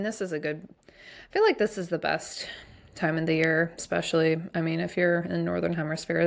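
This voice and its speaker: A woman's voice: fairly low pitch, vocal fry. A woman hosting a solo podcast, talking in a casual, rambling way with many fillers. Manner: chatty, rambling, heavy use of fillers like "like" and "um". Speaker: podcast host.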